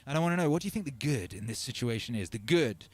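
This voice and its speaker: A man's voice: medium pitch, lively intonation, quick pace, a little mellow, dry recording. A man hosting a casual livestream, rambling and self-mocking with lots of fillers and restarts, reading viewer comments aloud and calling viewers brother and sister. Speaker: livestream host and music producer.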